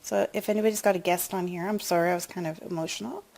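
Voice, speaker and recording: Middle-aged woman, gravelly voice, personal story turning into an upbeat sales pitch. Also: fairly even intonation, fast, a little mellow. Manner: emotional, confiding, then upbeat and chatty. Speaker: wellness product promoter.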